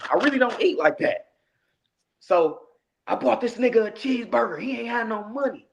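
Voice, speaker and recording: A man telling a story in a casual interview, animated and acting out the lines he quotes. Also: very high voice, normal speed, gravelly. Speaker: guest, rapper.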